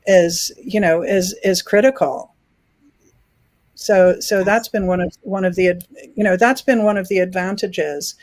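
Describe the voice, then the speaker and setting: A woman's voice: mid-range voice, dry recording. Woman in her sixties, dry close sound. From New York, raised in England. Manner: frequent restarts, laughs easily. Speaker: film festival founder. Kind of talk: conversational interview answers.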